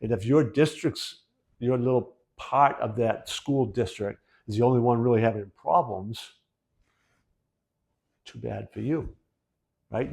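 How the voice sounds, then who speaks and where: A man's voice: medium pitch, vocal fry, mellow. A middle-aged man explaining school reform in a conversational way, often checking in with "right?" and restarting phrases. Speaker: education commentator. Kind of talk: casual explanatory talk to camera.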